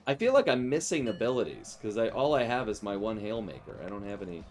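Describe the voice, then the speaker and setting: A man's voice: on the low side, sing-song, fast talker, a little mellow, faint music behind. A man streaming a video game in casual chat, joking playfully and laughing often. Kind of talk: casual chat while gaming.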